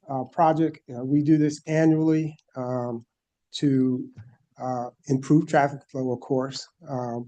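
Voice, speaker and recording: In a board meeting room, a man with a voice on the high side but dark in tone gives a formal presentation to a planning board. He methodically walks through his slides one by one.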